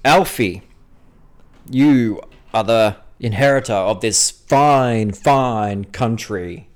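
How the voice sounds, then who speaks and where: A man voicing a booming old male statesman ghost in hell, in a podcast role-play. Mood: grand. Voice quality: booming, slow and grand.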